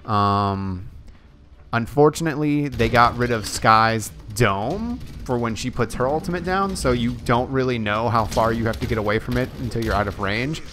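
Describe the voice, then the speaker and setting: A man's voice: medium pitch, normal speed, fairly bright tone, soft background music. A young man giving casual, rambling commentary over gameplay, often correcting himself as he talks. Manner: rambling, self-correcting, chatty. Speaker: gaming YouTuber.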